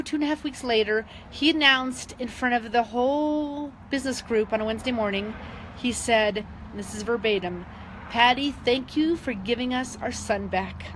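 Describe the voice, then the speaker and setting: Casting note: middle-aged woman with a high voice, sincere and emotional, telling a story over a faint hum. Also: a bit bright, rough recording. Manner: earnest, emotional, with frequent um fillers and restarts. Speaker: wellness advocate sharing testimonies. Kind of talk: casual personal storytelling.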